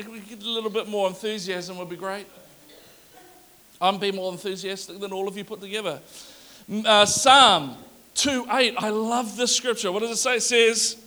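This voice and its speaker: A middle-aged male pastor preaching a sermon with lively energy, reading scripture aloud with rising emphasis. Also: high voice, normal speed. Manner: energetic, animated preaching to a congregation.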